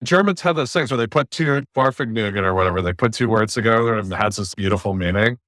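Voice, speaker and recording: A man from the United States hosting a podcast, giving blunt, opinionated views in casual discussion, often with animated rants. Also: lowish voice, quick pace, no room sound, studio quality. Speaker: podcast host.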